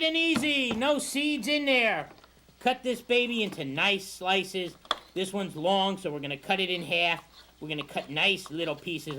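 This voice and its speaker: A man's voice: high voice, bright, forceful tone, slight background noise. A man hosting a cable TV cooking show in a studio kitchen, talking in a folksy, hammy, exuberant showman way.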